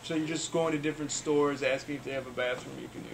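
A man patiently narrating a tabletop game for children as game master, with halting restarts, in a noisy room recording. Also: medium pitch, steady tone, vocal fry. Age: adult. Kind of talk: running a tabletop game for kids. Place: school club room.

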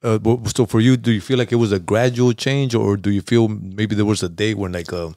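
Man hosting, low voice, encouraging. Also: fairly even intonation, brisk, mellow, dry recording, clean studio sound. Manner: encouraging, fills in with "yeah". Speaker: podcast host. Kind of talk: interview questions.

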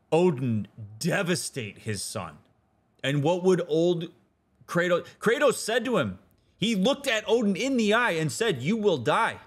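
A man with a somewhat high voice talks through a video game as a therapist in casual let's-play commentary. He speaks in loose slang with frequent restarts, and his voice often shoots up into loud, excited outbursts. The talk stays animated and informal. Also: slightly rough.

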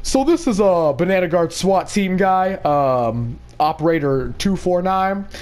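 A man's voice: high voice, expressive, a little slow, a little mellow, soft background music. A man voicing a bossy, scheming cartoon candy princess in a Minecraft role-play, rambling with many fillers.

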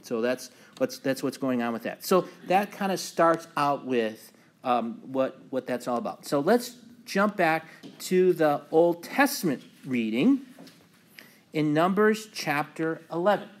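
Guy pastor running a bible class, kinda high voice, lots of ums, easygoing. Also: unhurried. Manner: relaxed, many ums and uhs, reads scripture aloud with emphasis. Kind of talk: casual Bible class teaching.

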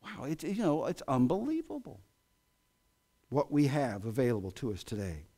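Animated American preacher, lively pitch. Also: male voice, moderate pace. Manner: animated preaching, voice swinging from loud exclamations to hushed asides. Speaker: pastor. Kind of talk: sermon. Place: church sanctuary.

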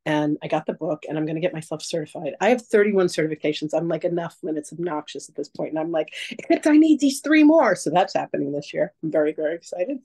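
A woman teaching a casual masterclass, telling stories in a chatty, animated way and acting out quotes. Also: low voice, fast, hardly any pauses, slightly rough, poor audio. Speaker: psychic teacher.

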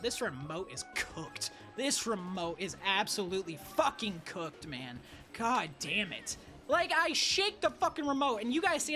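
A young woman streamer giving loud, profane, frustrated commentary while playing a racing game. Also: sits high. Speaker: gaming streamer. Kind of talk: live gameplay commentary. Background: faint game music.

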